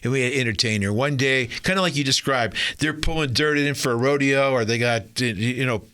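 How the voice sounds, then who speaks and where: A man's voice: medium pitch, a little fast, bright, forceful tone, clear, resonant tone. A man hosting an interview podcast, chatting casually and trading playful anecdotes with his guest. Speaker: podcast host.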